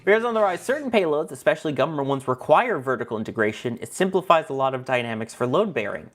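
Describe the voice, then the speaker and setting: A man's voice: on the high side, expressive, fast talker. A man co-hosting a casual livestream, reading viewer comments aloud and laughing often. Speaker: livestream co-host reading chat.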